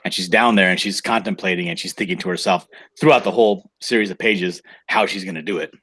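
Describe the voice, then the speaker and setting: A man with a low, deep voice retells a story haltingly, stopping often to search for words. He speaks casually, as one guest among friends on a livestream. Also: a bit bright, slightly rough. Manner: halting, lots of fillers, storytelling. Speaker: comic creator guest.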